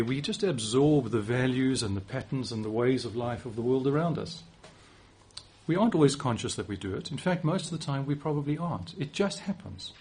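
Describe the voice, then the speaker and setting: South african guy in his 40s preaching, kinda husky voice, chatty and easygoing. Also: mid-range voice, darkish tone. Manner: conversational, self-deprecating, with frequent restarts. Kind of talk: sermon.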